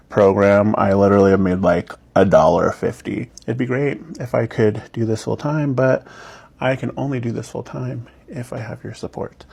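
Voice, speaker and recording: A man chatting casually in a personal vlog, wry and resigned in tone, with a gravelly voice. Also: medium pitch, a little mellow.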